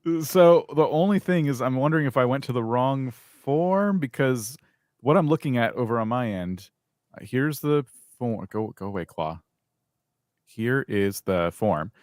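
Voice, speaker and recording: A man's voice: medium pitch, lively intonation, normal speed, darkish tone, no echo, clean studio sound. A man co-hosting a live YouTube channel review, chatty and candidly critical. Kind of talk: live stream review chat.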